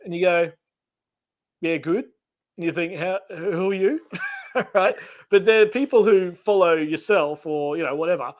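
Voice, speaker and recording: A man's voice: high voice, normal speed. An Australian man hosting a casual live stream chat, talking easily, laughing often and acting out little dialogues as he tells stories. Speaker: channel host.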